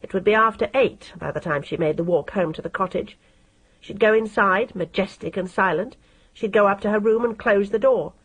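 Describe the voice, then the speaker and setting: A woman narrating a novel for an audiobook at a steady, measured pace. Her voice is husky and breathy, sitting in a middle pitch for a woman. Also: poor audio. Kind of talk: scripted narration.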